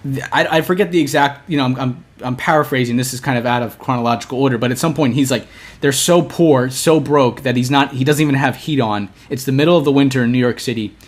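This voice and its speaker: A man's voice: mid-range voice, quick pace. Man telling a story on a podcast. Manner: animated, with many restarts, acting out quoted lines. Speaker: podcast co-host. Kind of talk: casual storytelling chat.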